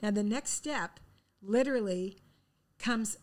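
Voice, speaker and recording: A woman's voice: mid-range voice, slow pace, a little mellow. A middle-aged woman telling a long funny story in casual chat. She laughs often and acts out the dialogue.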